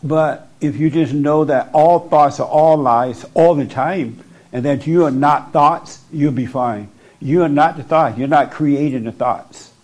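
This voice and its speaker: A man counsels a listener in a preaching manner, blunt and insistent, hammering the same points again and again. His voice sits a little higher than most men's. He talks into a microphone. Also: a little slow, a little mellow. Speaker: spiritual counselor. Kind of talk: preaching counsel to a person in front of him. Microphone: speaking into a microphone.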